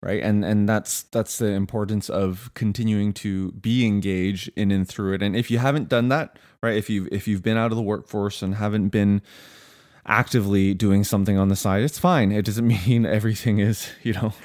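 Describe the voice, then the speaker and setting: A man in his thirties explains things to his listeners in a relaxed podcast chat, repeating words as he finds his way into a sentence. His voice sits on the low side. The sound is dry and close to the mic. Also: moderate pace, no echo. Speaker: podcast co-host.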